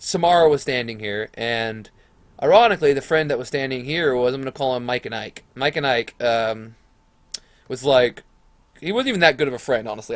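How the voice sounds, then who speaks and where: A man's voice: medium pitch, no echo. A young man telling a school story in a casual vlog, rambling and profane, acting out what others said. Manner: rambling, profane, animated retelling with quoted voices.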